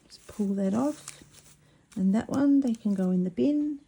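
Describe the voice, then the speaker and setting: A mellow-voiced woman talks through a craft project at her table. She is chatty and excitable, often tripping over her words. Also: on the high side, measured pace, gravelly, breathy edge. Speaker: craft vlogger. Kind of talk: casual craft demonstration.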